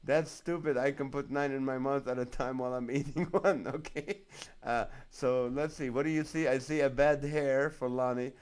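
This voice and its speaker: A man's voice: medium pitch, steady tone, moderate pace, darkish tone, clear, resonant tone. Comedian guy hosting a live stream, reading out comments and cracking up. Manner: laughs often while reading comments aloud. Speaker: comedian host of a live show.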